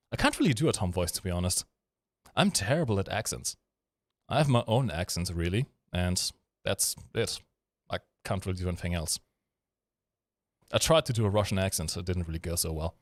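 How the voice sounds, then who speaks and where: Low-voiced man joking on a stream. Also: dry recording. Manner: joking, rambling, with frequent fillers. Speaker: live-stream host. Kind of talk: casual live-stream chat.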